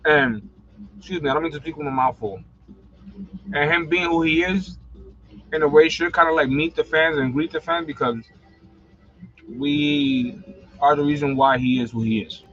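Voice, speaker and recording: Blunt Bronx man, forties, bright voice. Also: fairly high pitch, fairly even intonation, normal speed, pauses often, highs cut off, a little hiss or hum. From New York. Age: 40s. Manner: rambling, blunt, slangy, swears freely. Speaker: livestream host. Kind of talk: casual livestream chat.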